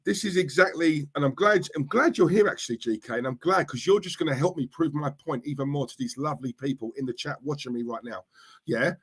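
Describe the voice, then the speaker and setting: A man's voice: mid-range voice, breathy edge. A middle-aged man, ranting on a livestream and replying to chat, repeating himself and asking "yeah? right?" at every turn. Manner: fired-up, repetitive, asks "yeah? right?" constantly. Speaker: streamer, football fan. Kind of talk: livestream rant reading chat.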